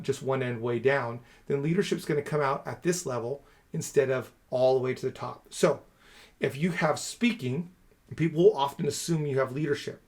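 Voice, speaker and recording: A man in his thirties teaching on camera, emphatic and repeating key phrases in a steady rhythm. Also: fairly high pitch. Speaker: speaker and coach.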